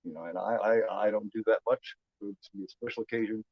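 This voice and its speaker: A man's voice: fairly low pitch, fast, no room sound, dull audio. A man from Indiana with a Midwestern American accent, hosting a movie watch-along stream in loose casual chat, rambling and repeating his words. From United States.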